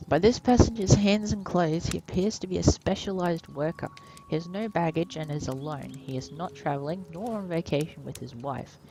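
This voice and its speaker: A woman's voice: on the low side, normal speed, dark tone, a little hiss or hum. A woman giving casual, playful commentary while playing a detective game. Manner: playful musing asides. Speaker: gamer. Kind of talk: casual let's play commentary.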